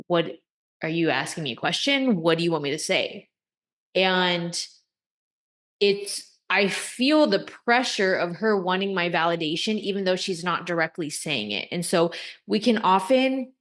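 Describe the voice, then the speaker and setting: A woman coach giving dating advice to camera, high-energy and eccentric, with deliberate, emphatic delivery.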